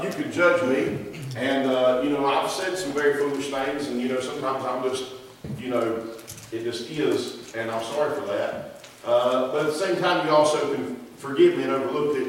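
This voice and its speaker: A middle-aged man with a Southern US accent preaching a sermon as pastor, folksy and self-deprecating, rambling through asides. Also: medium pitch. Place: church sanctuary. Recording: very echoey church room, mic far off, faint hiss.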